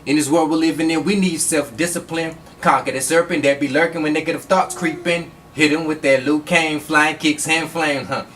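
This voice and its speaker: Man reciting steady spoken word verse. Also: on the high side, moderate pace, hardly any pauses, a little hiss or hum.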